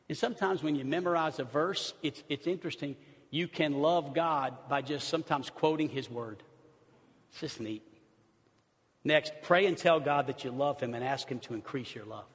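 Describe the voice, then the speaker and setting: Husky-voiced male pastor in echoing hall. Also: on the high side. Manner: conversational preaching, lists points, acts out quotes. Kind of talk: sermon. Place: church sanctuary. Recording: long reverb of a large hall.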